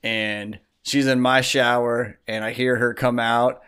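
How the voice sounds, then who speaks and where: A man's voice: medium pitch, flat delivery, measured pace, fairly bright tone, clear, resonant tone. A man co-hosting a podcast, telling a long story in casual chat, full of fillers and asides. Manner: rambling storytelling with many fillers. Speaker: podcast co-host.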